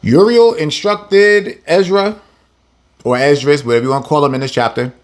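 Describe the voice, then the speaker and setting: A man's voice: a little high, normal speed. A man teaching an informal scripture lesson, reading verses and retelling them in slang, laughing often. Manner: animated, slangy, laughs often, reads verses then paraphrases. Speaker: Bible teacher.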